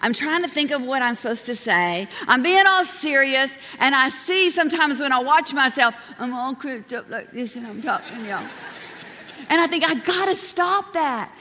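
A middle-aged woman pastor preaching a sermon, telling personal stories in an animated way and laughing often. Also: high voice, moderate pace, a little hiss or hum. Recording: long reverb of a large hall.

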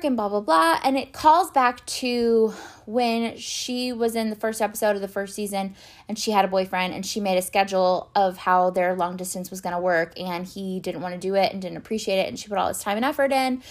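Young female vlogger, slightly raised pitch, exasperated sarcastic recap rant, heavy filler words, frequent swearing. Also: moderate pace. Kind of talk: casual ranting recap.

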